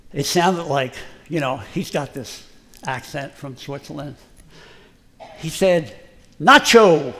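A man delivers a sermon in a folksy, emphatic way, sometimes poking fun at himself as a plain working guy. His voice sits a little high and has a gravelly edge. It carries a long echo, as if he is preaching in a large hall. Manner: folksy, self-deprecating, emphatic.

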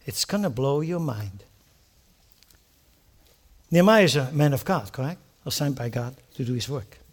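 A male pastor preaching a sermon, animated, firing off rhetorical questions and acting out prayers. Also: medium pitch, normal speed.

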